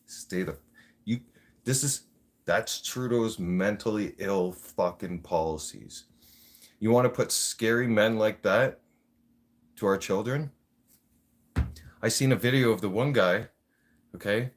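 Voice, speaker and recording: A man's voice: medium pitch, expressive, unhurried. Blunt, swearing man ranting. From Canada. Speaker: livestream host. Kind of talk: profane casual rant.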